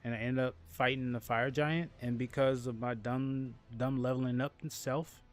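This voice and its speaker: A game streamer with a medium-pitched voice talks at a moderate pace during a casual livestream chat. Hailing from New Orleans, Louisiana, he rambles, repeats and restarts words, and laughs through animated stories.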